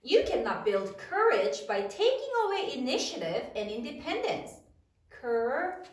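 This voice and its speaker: A woman's voice: high-pitched, huge pitch swings, moderate pace. A woman teacher leading a spelling lesson, sounding out words letter by letter in a sing-song cadence. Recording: roomy echo, voice a bit far from mic.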